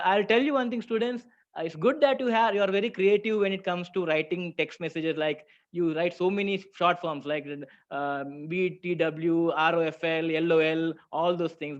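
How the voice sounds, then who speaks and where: Man, high voice, teaching a chatty online class, muffled audio. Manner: chatty, asks the class questions, reads out their answers.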